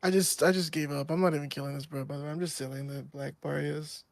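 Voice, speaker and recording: Gravelly young man chatting over gameplay. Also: on the high side, fast talker, no room sound. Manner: joking, laughs often, animated banter. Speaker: streamer. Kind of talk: casual gaming chat.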